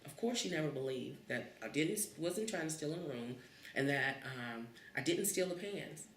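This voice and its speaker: Brief: woman in her fifties telling stories, lively, heard in a roomy space on a distant mic. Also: low-pitched, moderate pace, slight background noise. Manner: animated, acts out the voices in her story. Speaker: interviewee. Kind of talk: oral history storytelling.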